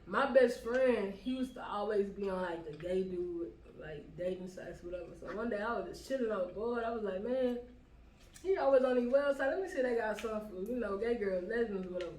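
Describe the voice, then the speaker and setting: Young woman, slangy and relaxed, mid pitch, off-mic, echoey. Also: fairly quick, recorded from a distance. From Houston, Texas. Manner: laid-back, slangy. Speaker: vlog co-host. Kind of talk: casual mukbang chat. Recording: echoey room, a bit off-mic.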